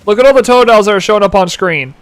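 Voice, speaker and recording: Young man in his twenties, high voice, live game streamer, animated casual chatter, giggly. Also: very fast, smooth. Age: 20s. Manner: animated, giggly, reads chat aloud. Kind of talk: casual gameplay commentary.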